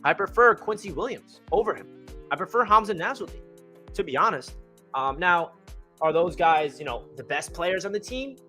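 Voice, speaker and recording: A young man talking casually and with excitement about his football team, rambling and full of fillers, with hiccups. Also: high voice, normal speed, faint music behind. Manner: rambling, enthusiastic, many fillers. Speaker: fan channel host.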